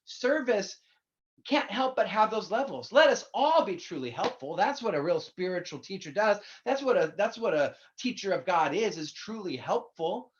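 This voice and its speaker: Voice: mid-range voice, animated, normal speed, lo-fi sound. A minister giving a sermon in a candid, conversational way, speaking straight to the listeners and swearing casually. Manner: conversational, addresses listeners directly.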